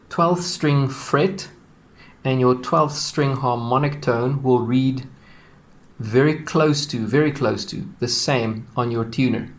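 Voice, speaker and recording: A man explaining a guitar setup step by step in a casual, unhurried way, with fillers and repeated words. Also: mid-range voice. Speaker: guitar teacher.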